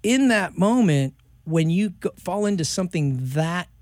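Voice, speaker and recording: A man telling a personal story as an interview guest, slangy and loose, acting out other people's lines in sudden high voices. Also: expressive, normal speed, darkish tone, dry recording. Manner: acts out quoted voices, jumping high in pitch; loose, slangy, full of fillers. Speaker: interview guest, professional skateboarder.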